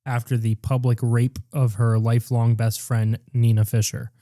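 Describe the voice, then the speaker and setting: A man's voice: medium pitch, little pitch movement, normal speed, dark tone, no echo, clean studio sound. A man co-hosting a podcast, recapping a movie plot in casual chat and cracking jokes. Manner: jokey, recaps the plot, does silly voices. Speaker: podcast co-host.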